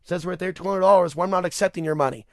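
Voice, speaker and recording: A male podcast host delivering a rambling, animated solo rant, swearing freely and breaking into laughter. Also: high voice, very fast, no echo, clean studio sound. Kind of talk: casual monologue rant.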